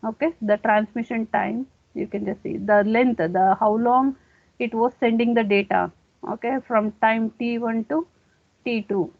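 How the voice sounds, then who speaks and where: A woman's voice: a little high, fairly even intonation, a little slow, creaky, no echo. A woman giving a classroom lecture, explaining step by step and often saying okay. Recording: dry, tinny phone-like sound.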